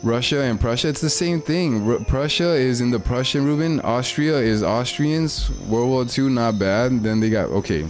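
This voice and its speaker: A man's voice: medium pitch, normal speed, hardly any pauses, faint music behind. A young man, chatting casually and rambling in slang while livestreaming a game. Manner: slangy, rambling, laid-back. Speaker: streamer.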